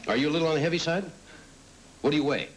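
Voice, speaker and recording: A middle-aged man with a fairly high voice hosts a late-night talk show, reading audience cards aloud at rapid-fire speed and teasing them with wry quips. It's an old, very noisy TV broadcast, with the studio audience laughing loudly.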